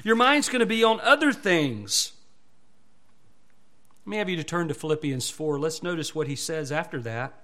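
A man's voice: fairly high pitch, expressive, normal speed, pauses often, pushed and bright. A male pastor preaching a sermon with emphatic rises and falls, asking the congregation repeated questions.

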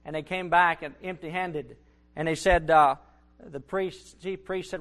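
A man's voice: on the high side, steady tone, unhurried, fairly bright tone. A man preaching a sermon, building to emphatic bursts and repeating his phrases. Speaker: Baptist preacher.

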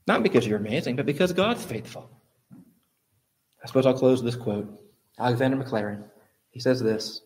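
A male pastor preaches a sermon. His mid-pitched voice climbs sharply high on key points and hammers home repeated phrases for emphasis. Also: expressive, fairly quick, long pauses, darkish tone.

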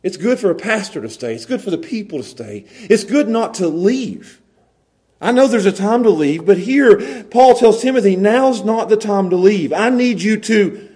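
A man's voice: a little high, dark tone. A man preaching a sermon as pastor, emphatic and repeating words as he pleads.

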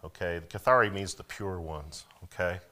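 Low-voiced pastor preaching. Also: male voice, normal speed, sharp tone. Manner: conversational preaching, asks the congregation questions, bursts of emphasis. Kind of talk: sermon.

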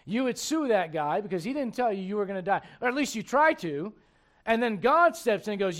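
A man preaching a sermon, his voice pitched high for a man. He talks in an emphatic, conversational way and keeps asking the congregation rhetorical questions. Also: very animated, fairly quick, fairly bright tone.

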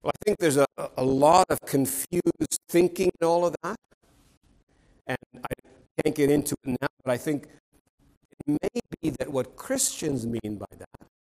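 A man's voice: fairly high pitch, a little slow, darkish tone, rough recording. A man preaching a sermon in an earnest, emphatic way, stressing key words and often restarting phrases.

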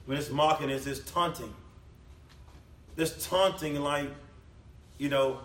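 A man preaching a sermon with a bright, forceful, fairly high voice. He is emphatic, building to loud declamation and sinking low for the scripture passages. He is heard from off the mic in an echoey church hall. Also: slow, far from the mic.

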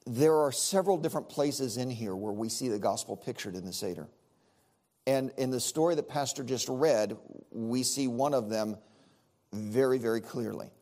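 A middle-aged man, a Baptist preacher leading a Seder, telling a story in a sermon with lively, repetitive phrasing. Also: mid-range voice, moderate pace. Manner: animated, repeats words while telling a story.

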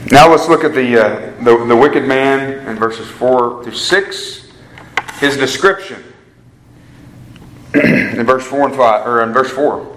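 A man's voice: medium pitch, slow pace, pauses often, a bit bright, slight background noise. A man preaching a sermon to a live group in an earnest way, repeating phrases for emphasis and calling his listeners guys. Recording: echoey room with faint ambience.

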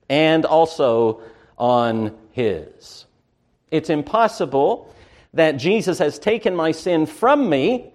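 Man preaching a sermon, emphatic, drags out key words, lots of uh's. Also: fairly high pitch. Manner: emphatic, slows down to stress key words, frequent "uh" fillers.

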